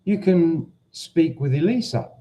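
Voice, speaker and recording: A man's voice: a little high, lively intonation, unhurried, dark tone, rough recording. A man with a Cockney accent chatting casually on a livestream, teasing viewers and confessing he gets confused. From London. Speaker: livestream host. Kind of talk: casual live chat reading viewer comments.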